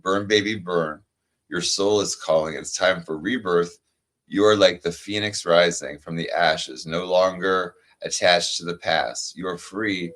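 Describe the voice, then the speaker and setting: Deep-voiced man reading cards slowly. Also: fairly even intonation, a bit bright. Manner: reads cards aloud slowly and soothingly. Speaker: card reader. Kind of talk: casual chat.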